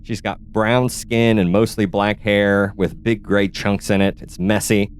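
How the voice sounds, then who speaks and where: A man's voice: on the low side, level tone, a little slow, a little hiss or hum. A man narrating a tabletop game as game master, describing scenes in detail and searching aloud for words.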